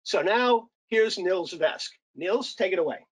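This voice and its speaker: A man's voice: sits high, expressive, a little slow, low-quality recording. A man, an editor, gives a formal, scripted introduction as host of a webinar. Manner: formal, announcer-like.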